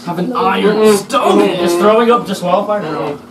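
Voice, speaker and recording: A man's voice: high voice, moderate pace, echoey room, recorded from a distance, low-quality recording. A man competing in a pie eating contest, bantering and egging his friends on. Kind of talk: casual banter. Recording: loud crowd chatter behind.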